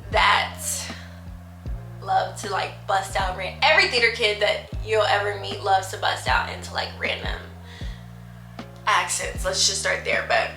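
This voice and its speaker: A woman's voice: mid-range voice, sharp tone. A young woman in her twenties chatting casually in a rambling way while doing her makeup. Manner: chatty, rambling, many fillers. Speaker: beauty vlogger. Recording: echoey room with faint music.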